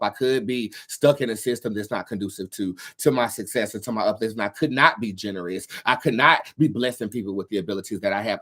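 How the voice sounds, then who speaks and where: A young man hosts a live tarot stream in a loose, casual chat. His delivery is campy and animated, peppered with swearing and easy laughter. He talks into a phone or webcam. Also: lowish voice.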